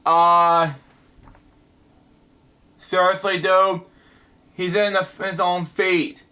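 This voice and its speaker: A man reviewing comic books out loud, halting and restarting, with exasperated asides. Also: sits high, level tone. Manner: halting, with many fillers and restarts. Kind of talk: casual reading and commentary.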